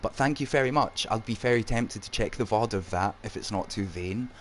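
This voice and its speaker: A man's voice: on the low side, brisk, a little hiss or hum. A man with an Edinburgh Scottish accent hosting a casual live stream, chatting loosely and reading out viewer messages with plenty of ums. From Scotland (Edinburgh). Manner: chatty, reads out chat with many ums. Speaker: streamer host.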